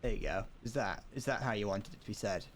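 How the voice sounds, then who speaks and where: A man's voice: lowish voice, animated, fast talker, a little hiss or hum. A man streaming a game, chatting casually, rambling and joking with viewers and swearing freely. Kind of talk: casual gameplay commentary.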